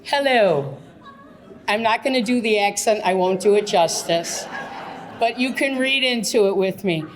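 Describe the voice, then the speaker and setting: A woman's voice: medium pitch, normal speed. A woman emceeing an event, talking to an audience in a playful, teasing way and laughing as she speaks. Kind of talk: public speech at an event.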